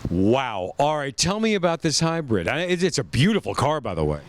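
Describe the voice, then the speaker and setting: Excited car ad guy hyping deals at a dealership, bouncy pitch, clean clear voice. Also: brisk. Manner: hyped, shouting pitchman. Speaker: dealership ad host.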